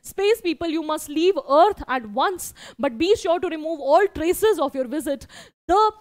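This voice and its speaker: A woman's voice: high-pitched, expressive, unhurried. A woman, reading aloud as a pompous, easily alarmed male Martian leader who barks commands.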